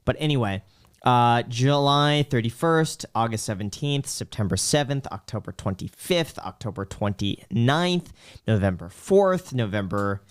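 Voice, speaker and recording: A man's voice: mid-range voice, lively intonation, a little slow, clear, resonant tone. A podcast host telling a joking story in casual chat with his guest.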